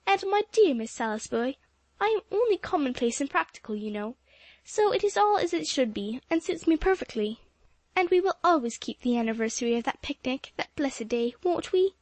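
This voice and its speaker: A woman's voice: high-pitched, big pitch swings, brisk, dry recording. A woman reading aloud, voicing an effusive, voluble, newly married older lady in a storybook. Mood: gushing.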